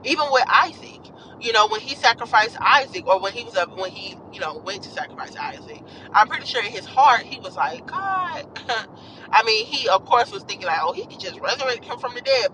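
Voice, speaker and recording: Riding in a moving car, a woman vlogger gives viewers an earnest, encouraging faith message in a rambling, casual devotional talk. Her medium-pitched voice is animated and brisk, with background noise behind it.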